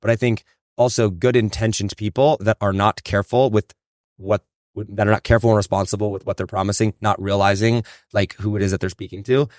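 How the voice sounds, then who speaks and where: Male podcast host, casual chatter, rapid delivery, dry close-miked sound. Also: on the low side, fairly even intonation, darkish tone, no echo. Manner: rambling, lots of "right?" and "like". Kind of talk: casual interview chat.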